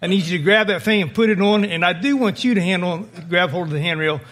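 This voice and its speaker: Male preacher voicing a captain shouting urgent orders, raised high voice. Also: fast. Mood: commanding. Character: commanding male leader barking orders on a storm-tossed boat.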